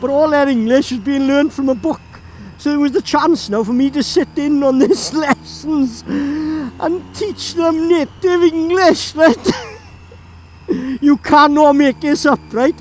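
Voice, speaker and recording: A man's voice: extremely high pitch, a little slow, a little hiss or hum, poor audio. A man from Llanelli with a Welsh accent, telling a rambling story while riding his motorbike and laughing often. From Wales. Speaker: motorcycle vlogger. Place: on a moving motorbike outdoors.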